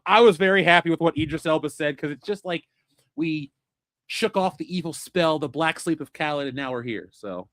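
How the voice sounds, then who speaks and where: A man's voice: on the high side, fairly quick, a bit bright, dry recording, studio quality. Blunt opinionated man hosting a podcast. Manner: blunt, opinionated, swears freely. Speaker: podcast host. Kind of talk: casual pop culture chat.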